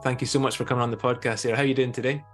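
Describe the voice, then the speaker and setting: A man with a Scottish accent hosts a podcast at a medium pitch. He asks relaxed, friendly questions while faint music plays quietly underneath his voice. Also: rapid-fire. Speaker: podcast host. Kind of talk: casual interview hosting.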